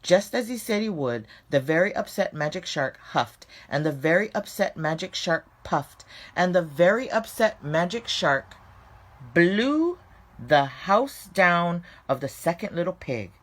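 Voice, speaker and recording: A woman reading a children's story aloud, with expressive, dramatic storytelling and slowed emphasis. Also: lowish voice.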